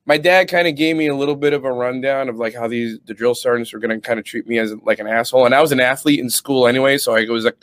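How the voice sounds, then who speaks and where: A man's voice: mid-range voice, quick pace, few pauses, dry recording. A young adult man from Connecticut, an Army veteran and guest, telling his stories in casual, profane podcast chat. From New Britain, Connecticut. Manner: profane, animated storyteller.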